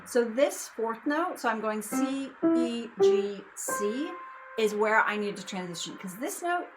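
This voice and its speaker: A woman's voice: on the high side, expressive, a little slow, loud music behind the voice, low-quality recording. A young adult woman teaching singing in a casual lesson, explaining in a loose, chatty way with lots of fillers. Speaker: vocal coach.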